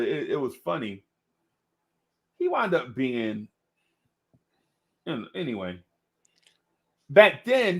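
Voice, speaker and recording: A man's voice: a little high, gravelly. A man telling a childhood story in casual chat, laughing often and acting out the people in it. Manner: animated, laughing, acts out the people in his stories. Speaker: podcast co-host.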